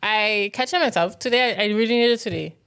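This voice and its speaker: Brief: woman co-host, mid-pitched, easygoing storyteller, informal phrasing. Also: a little fast, a bit bright, clean tone. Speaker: podcast co-host. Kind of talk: casual chat.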